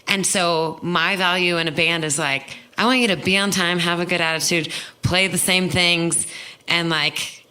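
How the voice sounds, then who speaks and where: A woman with a bright, ringing tone hosts a casual podcast chat. She talks in a lively, animated way and often breaks into laughter. Her voice sits a little low for a woman. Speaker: podcast host and touring musician.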